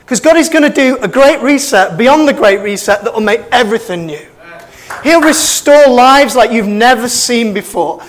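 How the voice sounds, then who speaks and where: A man's voice: very high voice, expressive, normal speed. A middle-aged man, preaching a sermon as pastor with impassioned, building emphasis. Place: church.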